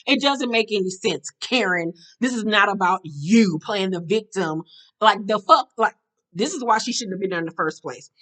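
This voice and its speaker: A woman vlogger recapping a reality show episode in a blunt, profane, animated way. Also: medium pitch, normal speed. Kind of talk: casual storytelling recap.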